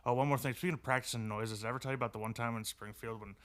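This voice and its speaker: A man's voice: mid-range voice, fairly even intonation, rapid-fire, slight background noise. A young man co-hosting a casual podcast, rambling through stories with frequent laughter and swearing. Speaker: podcast co-host.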